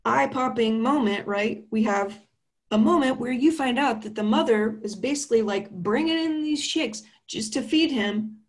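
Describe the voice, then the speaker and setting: A woman's voice: fairly high pitch, normal speed. Chatty young woman recapping a film. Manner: chatty, slangy, playful storytelling.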